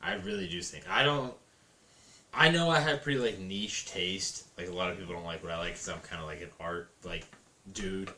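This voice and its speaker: A man in his thirties in casual chat, excitable and swearing, acting out scenes from films he loves. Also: low voice, fairly quick, roomy sound. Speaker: co-host.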